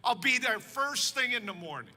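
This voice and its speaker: A man voicing an unreliable male locksmith who speaks in a flat, matter-of-fact way. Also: very high voice, moderate pace, long reverb tail, exaggerated voice. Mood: offhand.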